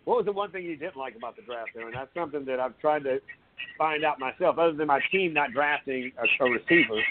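A man's voice: medium pitch, fast. A man hosting a radio show, chatting casually about football and asking questions. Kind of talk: casual sports talk. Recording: phone-like line with background noise.

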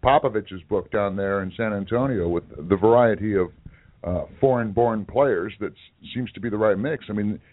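A man co-hosting a sports talk show in casual chat, halting with many fillers and restarts. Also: on the low side. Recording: tinny phone-like audio.

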